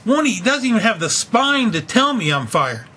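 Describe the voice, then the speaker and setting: A young man with a high, bright, husky voice vents to his webcam in a casual video blog. He rants angrily and swears freely as he tells his story. The delivery is raw and unpolished. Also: very animated, normal speed. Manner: angry, ranting, profane. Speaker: video blogger. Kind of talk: casual venting vlog.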